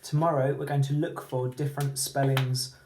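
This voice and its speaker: A teacher giving a phonics lesson, slowly sounding out words syllable by syllable and letter by letter. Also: mid-range voice, level tone, a little mellow, a little hiss or hum. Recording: echoey room.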